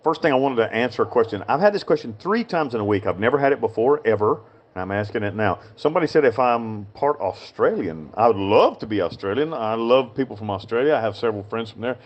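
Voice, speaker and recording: A man's voice: medium pitch, expressive, fast talker, lo-fi sound. A man with a Southern Appalachian mountain accent from Western North Carolina, a prison chaplain and inmate talking in a rambling, frank monologue that repeats itself and drifts off topic. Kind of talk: casual spoken monologue.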